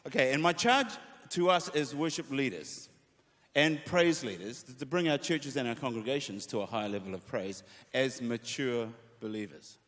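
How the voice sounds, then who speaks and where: A man preaching a sermon to worship leaders, reading scripture aloud with feeling and speaking with lively emphasis. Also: mid-range voice, moderate pace. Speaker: pastor. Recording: long reverb of a hall.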